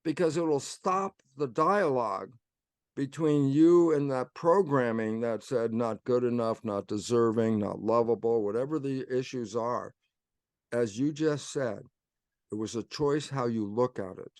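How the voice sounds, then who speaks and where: A man's voice: medium pitch, measured pace, darkish tone, dry recording. An older man, a guest in an interview, telling personal stories animatedly and acting out inner voices. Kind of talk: storytelling interview talk.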